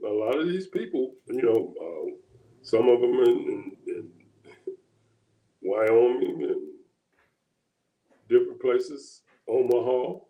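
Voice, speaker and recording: A man co-hosting a casual political chat. He thinks aloud in a halting way, with many pauses and restarts. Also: medium pitch, expressive, reverberant, lo-fi sound. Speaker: co-host.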